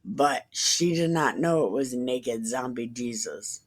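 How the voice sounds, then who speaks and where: A woman reading a Bible passage aloud and breaking off into profane, confused, deadpan asides. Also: rumbling low, measured pace. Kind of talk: irreverent casual Bible reading with commentary.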